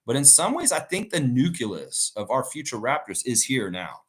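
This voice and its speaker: A man's voice: mid-range voice, sing-song, moderate pace, fairly bright tone. A man hosting a casual live stream, chatting loosely and reading viewer comments aloud as he rambles through his thoughts. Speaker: livestream host reading chat. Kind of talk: casual live reaction chat.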